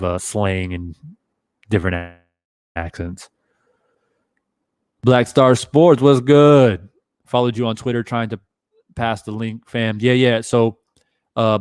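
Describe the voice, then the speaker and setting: Casual, profane boxing stream host. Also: male voice, on the low side, clean tone, no room sound, clean studio sound. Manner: casual, profane, animated talker. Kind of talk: live stream commentary reading chat.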